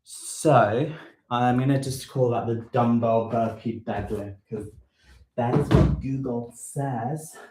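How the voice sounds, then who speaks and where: A man's voice: medium pitch, fairly even intonation, takes it slowly, reverberant, very noisy. A man leading a home workout in casual talk, thinking aloud with many ums and self-corrections, a bit out of breath. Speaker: fitness vlogger leading a live workout. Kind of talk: casual live workout instruction. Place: room at home.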